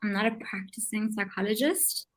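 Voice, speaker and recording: South African woman guest, measured. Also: medium pitch, fairly bright tone, rough recording. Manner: measured, explanatory, with filler ums. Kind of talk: casual livestream chat.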